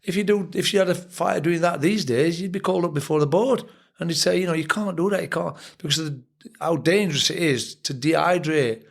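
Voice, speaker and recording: Gravelly Sheffield man telling stories. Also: fairly high pitch, fairly quick. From England. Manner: reflective storytelling, blunt. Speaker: boxing trainer and guest. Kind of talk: casual podcast interview.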